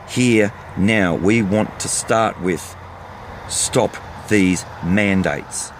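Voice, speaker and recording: Older Aussie bloke, gravelly and fired-up, blunt rant from his vehicle. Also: sits low, a little hiss or hum. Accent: Australian. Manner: fired-up, ranting, blunt and repetitive. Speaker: vlogger. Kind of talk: impassioned monologue to camera.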